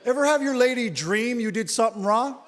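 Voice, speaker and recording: On a theater stage before a live audience, a man from Newfoundland, Canada, performs animated stand-up, telling stories and addressing the crowd directly through a handheld mic. His pitch is extremely high and his pace a little fast, with theater reverb and audience noise in the recording.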